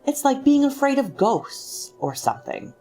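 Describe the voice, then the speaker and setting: A woman reading a frantic housewife who talks herself down in slow, measured lines. Her pitch swings widely, and a gravelly fry sits under the words. Soft music plays faintly behind her. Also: very animated. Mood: anxious. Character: anxious housewife, middle-aged, inwardly frantic.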